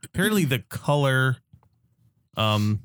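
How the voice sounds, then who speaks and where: A man co-hosting a casual film podcast, easygoing and low-key. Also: big pitch swings, measured pace, fairly bright tone. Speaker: podcast co-host.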